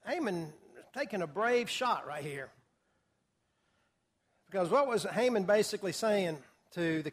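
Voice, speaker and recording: A man preaching through a Bible passage verse by verse, telling the story in a lively way and putting questions to his listeners. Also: high-pitched. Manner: animated storyteller, asks the audience questions. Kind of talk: expository Bible teaching.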